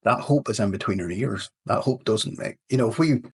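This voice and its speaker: As a podcast guest in a relaxed interview, a Northern Irish leadership coach with a matching accent narrates a fable, voicing its quotes animatedly. He speaks a little fast in a lowish, slightly rough voice.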